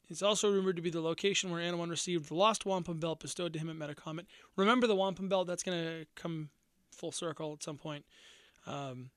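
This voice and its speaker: A man's voice: high-pitched, a bit bright, clean tone, no room sound, clean studio sound. A man co-hosting a casual podcast, telling local lore in a rambling way and often correcting himself. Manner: rambling, self-correcting storyteller. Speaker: podcast co-host.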